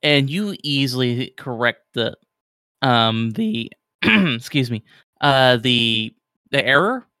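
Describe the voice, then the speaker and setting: A man's voice: medium pitch, sing-song, takes it slowly, bright, forceful tone, dry recording, studio quality. A man narrating as game master in a casual, filler-heavy way.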